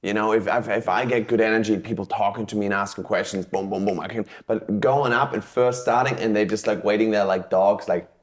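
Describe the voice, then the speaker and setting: A magician in casual conversation, rambling and dropping in quick "yeah, yeah" replies. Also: male voice, on the low side, steady tone. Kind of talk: casual chat.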